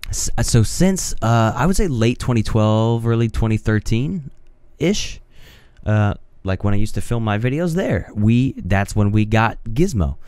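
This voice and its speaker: Low, dark-voiced young man rambling. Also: sing-song, a little slow, no echo. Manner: rambling, hesitant, many restarts and fillers. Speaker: podcast host. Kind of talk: casual solo podcast. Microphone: studio mic on a home mixer setup.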